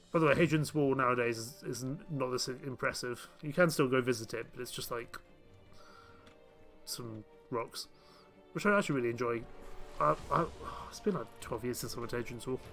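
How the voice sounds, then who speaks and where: A man's voice: mid-range voice, normal speed, long pauses, fairly bright tone, faint music behind. Chatty male game streamer thinking aloud. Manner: chatty, thinking aloud, self-mocking asides. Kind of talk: casual live gameplay commentary.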